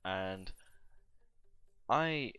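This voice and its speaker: A young man with a very low voice tells a story casually while he games, swearing freely and filling gaps with ums and you-knows. His delivery is loose and laid-back, like a streamer chatting with viewers. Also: lively intonation, very slow, sharp tone, clean tone, no room sound. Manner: profane, rambling and laid-back, with many fillers. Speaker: gaming streamer.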